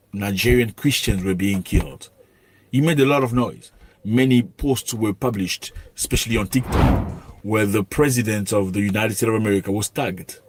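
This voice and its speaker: Brief: male narrator, lowish voice, steady explanatory delivery, faint noise behind. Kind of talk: news-style narration.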